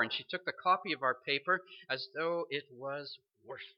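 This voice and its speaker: A man's voice: a little high, moderate pace. A man preaching a storytelling sermon, earnest, acting out the voices of people in his story. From Toronto area, Canada. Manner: earnest, acts out quoted voices. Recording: dull lo-fi recording.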